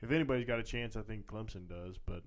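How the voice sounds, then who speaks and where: A man in casual football talk, weighing up a matchup in a relaxed, measured way. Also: lowish voice. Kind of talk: casual sports chat.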